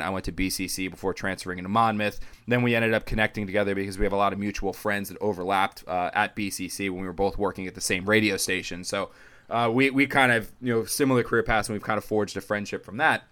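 A young sports reporter, guesting on a sports podcast, speaks fast in a clean tone. He chats casually and tells stories animatedly, acting out what others said with big jumps in pitch.

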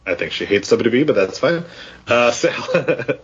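A man hosting a casual podcast chat, husky and laughing often as he runs through picks. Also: medium pitch, big pitch swings, a little slow. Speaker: podcast host. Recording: dull lo-fi audio.

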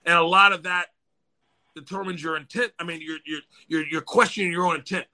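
A man with a high, sharply bright voice holds court on a podcast. He speaks casually and drops swear words freely, acting out quick little characters to make his points. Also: fairly even intonation. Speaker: podcast host.

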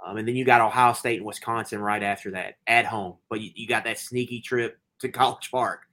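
A man's voice: fairly low pitch, steady tone, a little fast, bright, forceful tone. Chatty man rambling through picks. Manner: rambling, lots of fillers and restarts. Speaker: podcast co-host. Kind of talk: casual sports betting chat.

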